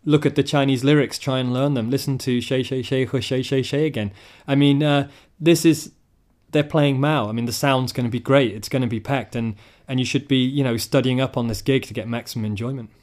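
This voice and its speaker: A man's voice: mid-range voice, fairly even intonation, brisk, few pauses, darkish tone. Male podcast host, mid-range voice, jokey and chatty in casual talk. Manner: chatty, jokey, steers the talk between topics. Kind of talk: casual chat about live music.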